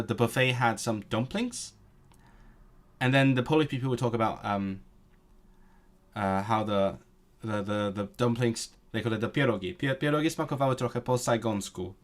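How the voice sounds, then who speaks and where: A man's voice: medium pitch, moderate pace. A young man hosting a casual live stream, talking at a desk mic with many fillers and restarts. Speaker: language streamer.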